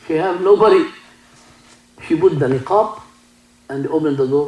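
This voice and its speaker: Egyptian-accented sheikh preaching in broken English. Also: male voice, on the high side, expressive, moderate pace, pauses often, darkish tone, roomy sound, low-quality recording. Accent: Egyptian Arabic. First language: Arabic. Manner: broken English, many restarts, mixes in Arabic. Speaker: sheikh giving a talk. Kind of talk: sermon with storytelling.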